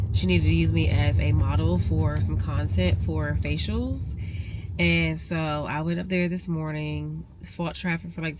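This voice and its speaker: A woman chatting casually to her viewers from her car in traffic, with a stuffy nose, calling them y'all. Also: deep voice. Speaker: vlogger and realtor. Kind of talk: casual vlog chat. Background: vehicle noise.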